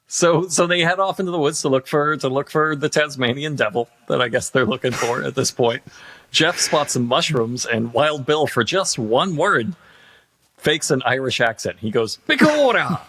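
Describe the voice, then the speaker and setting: Bright-voiced joking male podcast host. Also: mid-range voice. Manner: quick joking asides. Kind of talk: casual comedic chat.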